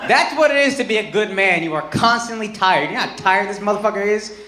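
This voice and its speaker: A man's voice: high voice, fast talker, slight background noise. A man in his thirties doing stand-up crowd work, brash and profane, swinging into mock outrage. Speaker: stand-up comedian. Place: comedy club stage with live audience. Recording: echoey club with loud crowd laughter.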